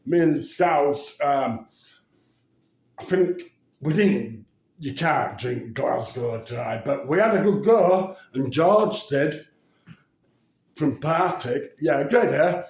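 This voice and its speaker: A man spins a loose, meandering story, pausing on ums and dropping swear words as he goes. His voice sits a little high for a man and he takes his time. The sound bounces around an echoey room. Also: expressive, a little mellow. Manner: rambling, full of ums and swearing, laughs at his own stories. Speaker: vlogger. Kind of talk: casual anecdote storytelling.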